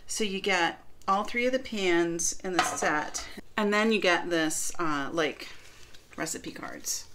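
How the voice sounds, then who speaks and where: A middle-aged woman from the northern United States, a baking vlogger, speaks slowly in a voice on the low side, with background noise behind her. She chats her way through a baking demo and product review, rambling and packing in lots of fillers.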